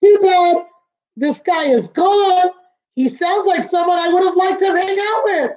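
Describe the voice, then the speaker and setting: A woman's voice: very high-pitched, measured pace, a little mellow, highs cut off, voice pushed up. A woman voicing a carefree, cheerful male cat in a breezy, upbeat read-aloud.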